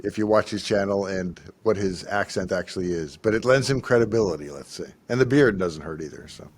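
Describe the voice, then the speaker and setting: A man hosting a casual livestream Q&A, answering in a measured way with dry humor. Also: low voice, husky. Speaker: host.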